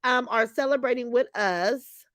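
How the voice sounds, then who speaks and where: A woman's voice: on the high side, measured pace, a bit bright, dry recording. A woman, casually hosting a live stream and talking straight to her viewers. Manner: chatty, addresses viewers directly, reads comments aloud. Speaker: livestream host reading chat.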